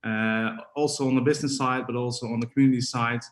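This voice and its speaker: A man's voice: mid-range voice, steady tone, quick pace. A man from the Netherlands with a Dutch accent, a podcast guest speaking hesitantly with many fillers. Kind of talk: casual podcast interview.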